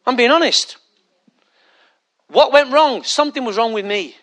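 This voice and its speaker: Male pastor, high and bright, conversational sermon with rhetorical questions. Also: moderate pace.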